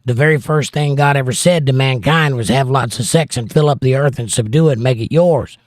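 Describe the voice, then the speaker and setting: This Southern-accented, middle-aged livestream host chats casually and cracks jokes while reading comments from viewers. He talks fairly quickly in a mid-range voice, captured cleanly in a studio with no room echo.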